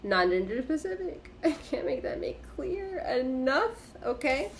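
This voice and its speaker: Her voice is high-pitched with big swings in pitch, a little slow, against a noisy background. As a tarot reader giving a casual reading, she's emphatic and profane, repeats short punchy phrases, and punctuates it all with laughter.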